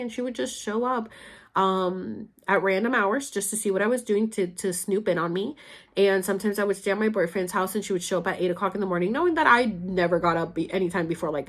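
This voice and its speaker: A young adult woman vlogging, speaking candidly and emotionally to her mother about her past, blunt and sometimes swearing. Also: mid-range voice. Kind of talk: personal storytelling, addressing her mother.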